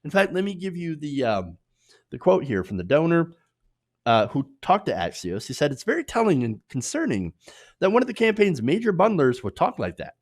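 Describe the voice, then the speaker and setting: A man's voice: fairly high pitch, huge pitch swings, moderate pace. A man hosting opinionated political commentary, sarcastic, with loose delivery and frequent restarts. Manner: sarcastic, mocking put-on voices for quotes.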